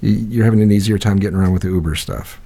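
A man's voice: lowish voice, racing, warm tone. A man co-hosting a podcast, chatting casually and telling comic stories with quoted voices. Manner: storytelling, acts out quoted voices. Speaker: podcast co-host. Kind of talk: casual comedic chat.

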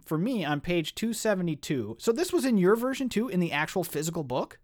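A male co-host of a book podcast reads novel chapters aloud, then excitedly raves about them, swearing and saying "dude" a lot. His voice is high and he talks fairly quickly with hardly any pauses.

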